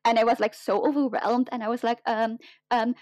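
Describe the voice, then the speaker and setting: Young woman, high bright voice, chatty storyteller, dry close sound. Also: quick pace, no room sound. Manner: excited, chatty, many fillers. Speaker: guest telling a story. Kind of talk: casual chat, storytelling.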